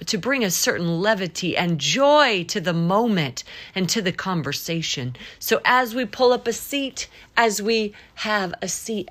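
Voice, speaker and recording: A woman hosting a faith podcast, talking earnestly and praying aloud, playful and sometimes slipping into put-on accents. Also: fairly low pitch. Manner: earnest, prayerful. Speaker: podcast host. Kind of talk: faith podcast monologue with spoken prayer.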